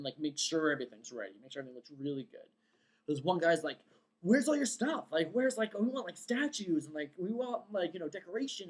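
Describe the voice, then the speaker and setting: A woman telling a long dream story in a casual vlog, rambling with lots of fillers and excited quoted outbursts. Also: deep voice. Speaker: vlogger.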